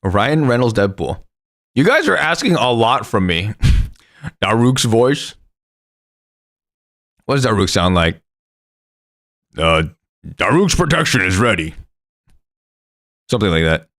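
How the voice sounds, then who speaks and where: A young man streams a story game, reading its text aloud in a playful way, hopping between voices and chatting with his viewers as live gaming commentary. His voice sits on the low side and is a bit bright and very animated, moving at a slow pace with long pauses.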